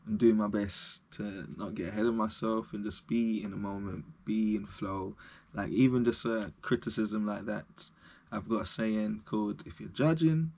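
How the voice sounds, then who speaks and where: A man's voice: on the low side, gravelly, darkish tone, breathy edge. A man vlogging to camera, talking unscripted in a reflective, rambling way and laughing at himself.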